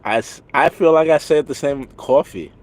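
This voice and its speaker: Host: talkative, earnest New York man, mid pitch, casual livestream chat outdoors. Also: fairly quick. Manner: earnest, talkative, easy laughs. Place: outdoors walking city streets.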